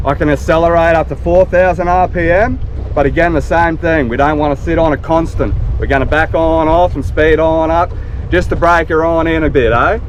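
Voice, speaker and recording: An Australian man with a fairly high voice chats easily to his viewers from a small boat. His talk is relaxed and full of slang. An action camera picks him up over clear engine and wind noise. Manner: laid-back and chatty, with a broad slangy drawl. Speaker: fishing vlogger. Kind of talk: casual vlog talk to camera. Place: small open boat on the water. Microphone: action camera mounted on the boat.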